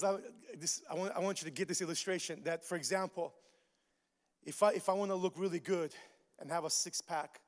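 A man preaching a sermon to his church, animated, swinging between quiet asides and shouted points. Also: high-pitched, long reverb tail. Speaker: pastor. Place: church sanctuary.

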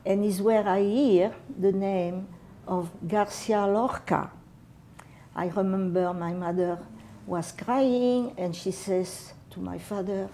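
A woman in her eighties with a French and Catalan accent, a native Catalan speaker, recalling her wartime childhood for an interviewer in unhurried, halting English. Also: medium pitch, fairly even intonation, warm tone, a little hiss or hum. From France. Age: 80s. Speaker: veteran oral history interviewee. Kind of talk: personal war memories told to an interviewer.

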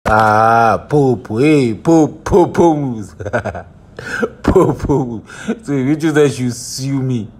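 A man's voice: medium pitch, drawn-out words, slight background noise. Chuckling Nigerian man reacting on camera. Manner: chuckling, excitable, teasing, Pidgin-sprinkled asides. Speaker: reaction vlogger. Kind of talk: laughing reaction commentary.

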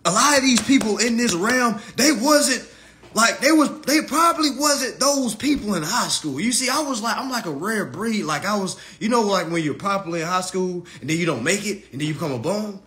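A man in his thirties roasts a rival straight to camera in a high, bright voice. His pitch leaps around as he taunts and swears. He drops from loud jeers to low, scornful mutters. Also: lively intonation, a little fast. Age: 30s. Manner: mocking, taunting, profane.

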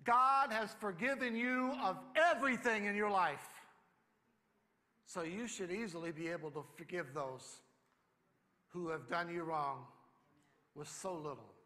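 High-voiced pastor preaching in a reverberant church. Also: male voice, a bit bright. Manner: emphatic, conversational preaching with rising bursts. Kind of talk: sermon. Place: church sanctuary.

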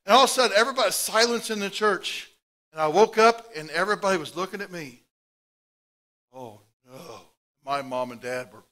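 Speaking a little fast in a high voice, a middle-aged pastor preaches a sermon. His stories lurch animatedly from loud outbursts into hushed asides.

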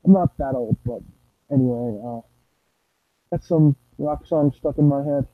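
A man's voice: mid-range voice, unhurried, no echo. Young man rambling over gameplay, tinny mic. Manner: rambling, playful, sings nonsense sounds. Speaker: gameplay streamer. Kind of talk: casual gameplay commentary.

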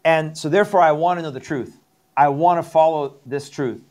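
A middle-aged Iranian pastor, appearing as a guest, gives his conversion testimony in an interview. His voice sits on the high side, a little mellow and a little fast, and he repeats himself earnestly for emphasis.

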